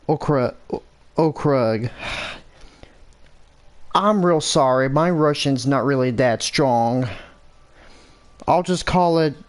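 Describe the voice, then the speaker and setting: A man's voice: a little high, clear, resonant tone. An American man giving casual, rambling commentary over a hunting game, thinking aloud and correcting himself as he goes. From United States. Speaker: gameplay commentator.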